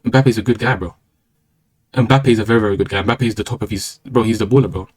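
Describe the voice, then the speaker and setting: Fast-talking slangy British young man. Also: on the low side, fairly even intonation, darkish tone. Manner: slangy, rambling and opinionated. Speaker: live streamer. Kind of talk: casual live-stream chat.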